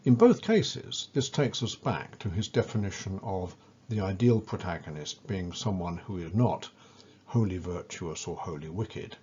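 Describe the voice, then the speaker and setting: In this scripted educational lecture, a man with a very low, slightly husky voice speaks carefully and without hurry. His delivery carries measured weight, leaning on the key words, and it sounds expressive and a little mellow. The audio is somewhat dull and lo-fi.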